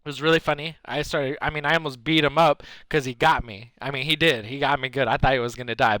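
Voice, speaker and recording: A man's voice: fairly high pitch, bright, forceful tone, no room sound. A man live-streaming a game, telling a playful tall tale with sound effects and chatting with viewers. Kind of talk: live-stream storytelling and chat.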